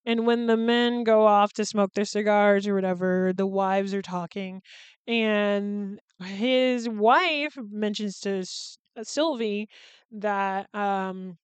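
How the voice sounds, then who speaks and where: A woman's voice: medium pitch, slow pace, smooth, no echo. A woman hosting a podcast in casual chat, candid and chatty, swearing freely and laughing between sentences. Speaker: podcast host.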